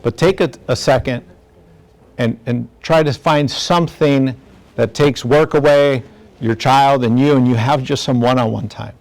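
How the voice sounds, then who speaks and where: A man's voice: mid-range voice, a little slow, gravelly. A middle-aged man from the district attorney's office giving a community talk to parents, earnest and conversational, often checking in with "right?".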